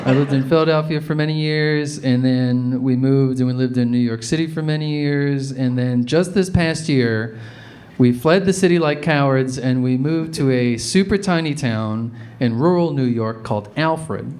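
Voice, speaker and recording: A man doing a stand-up comedy set in a deadpan storytelling manner that bursts into loud shouts now and then. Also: medium pitch, normal speed. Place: comedy club stage before a live audience. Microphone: handheld stage mic. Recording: live club recording with crowd laughter. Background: audience laughter.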